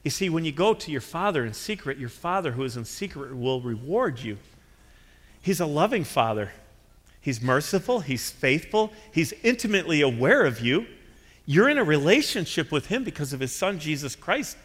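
A man preaching a sermon as pastor, earnest and emphatic, swinging between loud declarations and quiet tender lines. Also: a little high, big pitch swings, moderate pace. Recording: long hall reverb.

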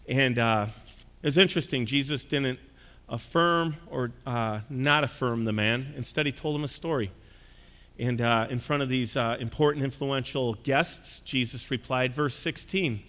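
Man, pastor, folksy sermon, chatty with fillers, bright voice, echoey church hall. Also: mid-range voice, unhurried. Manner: conversational and folksy, with frequent "uh" fillers.

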